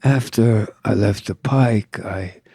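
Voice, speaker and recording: A man's voice: lowish voice, slow, a little mellow, husky, no echo, studio quality. An older man from Southern California, a tattoo artist telling stories in a laid-back, profane drawl as an interview guest. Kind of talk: casual storytelling.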